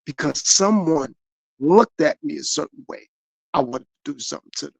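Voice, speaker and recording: A middle-aged American man hosts a motivational podcast, speaking earnestly and repetitively about his own life. His voice is fairly high, gravelly and husky, at a moderate pace, in a dry recording.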